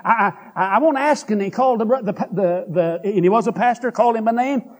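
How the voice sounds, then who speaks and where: A man preaches in a husky, fairly high voice. He is folksy and emphatic, swinging from high exclamations to low, heavy asides. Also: fairly quick. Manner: folksy and emphatic, with pitch that leaps up and sinks low. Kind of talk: revival-style sermon.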